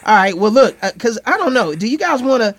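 High-voiced joking podcast host, man. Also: sing-song, fast, fairly bright tone. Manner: laid-back, joking, laughs often. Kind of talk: casual sports podcast chat.

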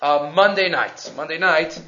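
A man teaching a Torah class, telling a story and slowing down to read verses aloud. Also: a little high, sharp tone. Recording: roomy, dull lo-fi recording.

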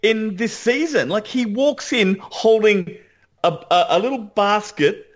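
A man co-hosting a podcast, enthusiastic and halting, restarting his sentences. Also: high voice. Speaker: podcast co-host. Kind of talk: casual recap chat.

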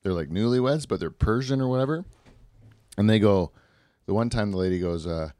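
A man's voice: on the low side, a little fast, dark tone, no echo. Rambling profane man, dry. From Canada. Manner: rambling, profane, laughs often. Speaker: podcast co-host. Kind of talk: casual chat.

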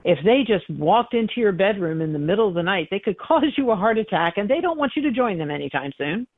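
A woman's voice: medium pitch, quick pace, dry recording. A middle-aged woman, a psychic medium, telling stories in a conversational interview and acting out the dialogue in them. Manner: animated, acts out dialogue in her stories. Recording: dry tinny phone-like line.

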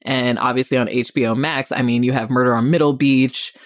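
A woman hosting a casual TV review podcast, talking in an opinionated, animated way with lots of rambling asides. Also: extremely low pitch, brisk, dry recording, clean studio sound.

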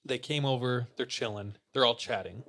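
A man at a mid-range pitch hosts a podcast and retells a listener's story to his friends. He keeps it casual and slangy, unhurried, like chatting around a table. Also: fairly bright tone. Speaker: podcast host.

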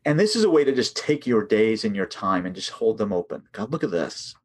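A man talking casually on a podcast about his book, lively and often laughing as he acts out little prayers. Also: lowish voice, brisk. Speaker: author and guest.

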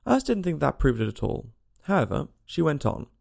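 Man reading a kids story out loud, super gravelly voice, lots of up and down. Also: on the high side, fairly quick. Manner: expressive, lilting storytelling. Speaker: narrator.

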